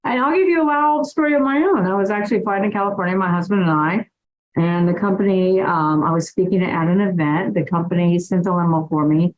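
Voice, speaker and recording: A woman's voice: on the low side, a little fast. A woman, from New Orleans, hosting an interview and telling an enthusiastic story. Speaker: podcast host. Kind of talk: casual interview chat. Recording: dull lo-fi audio.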